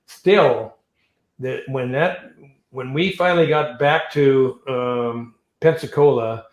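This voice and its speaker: An older man tells his stories at an even pitch, with a roomy echo around his voice. He is an interview guest who recounts events with energy and acts out the voices and sounds as he goes. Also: takes it slowly, muffled recording. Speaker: interview guest, retired navy pilot. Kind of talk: storytelling in an interview.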